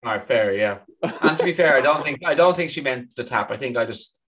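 A man's voice: medium pitch, expressive, brisk, a bit bright. A young man co-hosting a podcast, laid-back and agreeable, with dry humor. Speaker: podcast co-host. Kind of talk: casual chat.

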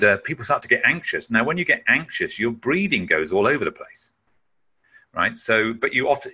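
This man's voice sits low, with a sharp, slightly rough tone. He's a webinar speaker on managing emotions, explaining things emphatically and sometimes acting out breath-holding sounds.

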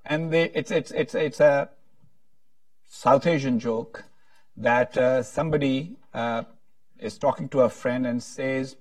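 A man's voice: medium pitch, no room sound. Guy moderating a panel talk, lots of restarts, kinda far off the mic. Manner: halting, many restarts, tells a joke with voices.

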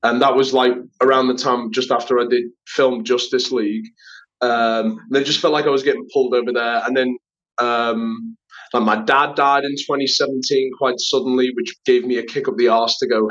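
A man's voice: mid-range voice, fairly even intonation, moderate pace, a bit bright. Chatty man telling stories. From Liverpool, England. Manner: chatty storyteller, acts out quoted voices, many fillers. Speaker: actor and writer, guest. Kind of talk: casual interview chat. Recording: slightly dull lo-fi sound.

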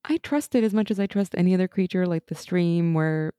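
A chatty woman co-hosting a casual rewatch chat. Her voice sits low and mellow, and she fills her talk with "like." The sound is dry and close. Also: smooth, no echo. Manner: chatty, uses "like" often, quick laughs. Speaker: podcast co-host.

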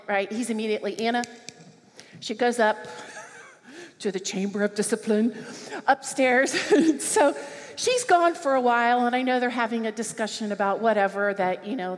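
A middle-aged woman preaching, telling a personal story in an animated way and acting out children's voices. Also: a little high. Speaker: speaker at a church service. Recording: long hall reverb.

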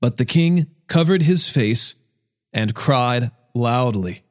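Slow, measured male scripture reader. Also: medium pitch, expressive.

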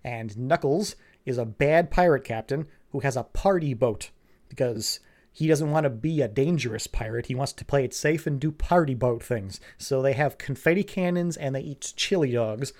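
A man's voice: mid-range voice, moderate pace, darkish tone. A man giving a rambling, sarcastic and profane comedic recap of a cartoon plot. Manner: sarcastic, rambling, swears a lot. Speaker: show recapper.

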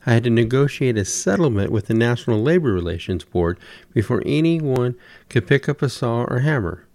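A man's voice: mid-range voice, expressive, a little fast, a little mellow, no echo, natural voice. A man voicing Noah in a told story, an exasperated old man who pleads and lists complaint after complaint. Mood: pleading. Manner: plaintive, listing complaints at length. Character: weary harried biblical Noah, old man.

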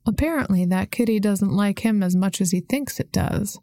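A woman narrator voicing a calm, unruffled older friend who speaks gently and calls people honey. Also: mid-range voice, moderate pace, no echo, clean studio sound, lightly acted. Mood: serene. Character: calm, knowing woman named Messenger.

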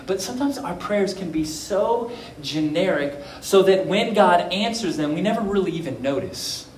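Brief: earnest male pastor, slow deliberate sermon, roomy echo with faint background noise. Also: high-pitched, expressive. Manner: earnest, swings from soft to emphatic. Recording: echoey room.

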